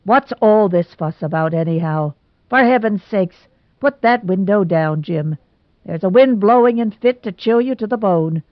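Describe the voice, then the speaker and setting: A woman's voice: mid-range voice, expressive, unhurried, dry recording, lightly acted. A woman reading as a stern, irritable old doctor. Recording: dull lo-fi recording.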